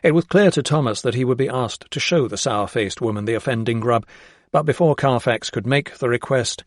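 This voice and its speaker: A man narrating a historical novel as an audiobook in a steady, even storytelling voice, recorded on a close studio mic. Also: medium pitch, dry recording.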